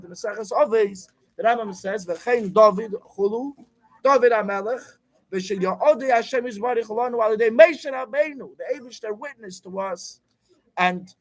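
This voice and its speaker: A man's voice: extremely high pitch, rough recording. A man teaching a Torah class, reading the text aloud, then asking and answering his own questions.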